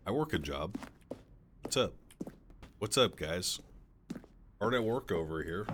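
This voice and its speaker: A man streaming a game, joking crudely and reading game text aloud quickly. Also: fairly low pitch, big pitch swings, noisy background. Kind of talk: casual gameplay commentary.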